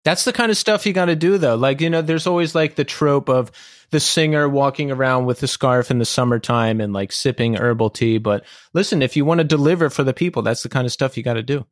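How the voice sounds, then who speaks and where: A man hosting a podcast, interviewing a guest in a relaxed, friendly way. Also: medium pitch, brisk, no echo, clean studio sound. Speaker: podcast host.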